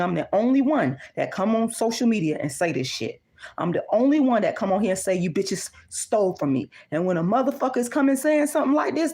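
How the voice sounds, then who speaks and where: A middle-aged woman speaking in on a livestream. Her voice sits at an ordinary pitch for a woman. She talks in a blunt, profane, repetitive way, hammering her points home. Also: a little mellow. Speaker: livestream host.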